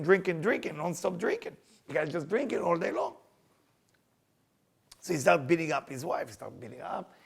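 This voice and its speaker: Gravelly high-voiced storytelling teacher. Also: male voice. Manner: animated storyteller, acting out characters' lines, non-native grammar. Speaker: Kabbalah teacher. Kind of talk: storytelling sermon.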